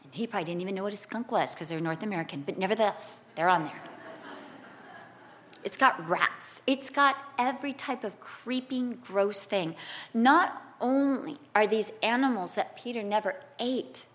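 Slight background noise accompanies a middle-aged woman preaching at a moderate pace in a medium pitch. She switches between scripture teaching and an energetic personal story, loudly dramatizing quotes.

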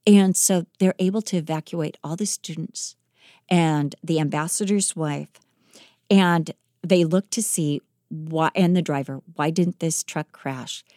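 A woman podcast host telling a life story in a lively, dramatic way, acting out the quoted lines. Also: deep voice, a little slow, no echo, clean studio sound. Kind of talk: animated storytelling.

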